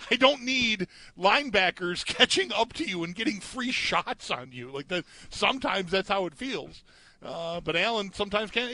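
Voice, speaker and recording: A man's voice: a little high, sharp tone, no echo. A man co-hosting a sports talk show, chatting casually, often restarting and trailing off as he acts out what players might say. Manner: hesitant, trailing off, acts out quotes. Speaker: sports podcast co-host.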